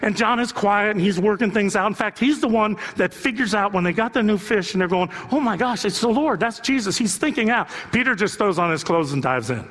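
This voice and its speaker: A man's voice: sits high, expressive, a little fast, hardly any pauses, a bit bright, slight background noise. A man preaching a sermon as pastor, talking conversationally and joking with the congregation, asking them rhetorical questions. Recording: long reverb from a large hall.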